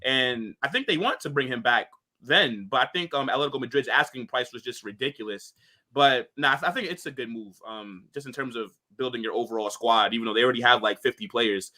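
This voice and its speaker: Casting: casual male football pundit with a bright, forward tone, rambling and opinionated. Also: medium pitch, fairly quick. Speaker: panelist.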